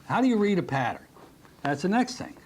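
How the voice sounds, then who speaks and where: A middle-aged man teaching a recorded hypnotherapy lesson, telling stories from his practice in a lively way. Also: high voice, brisk, a little hiss or hum. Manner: animated storytelling, drops to a soft hypnotic voice when demonstrating. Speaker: hypnotherapy instructor. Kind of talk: recorded training lecture.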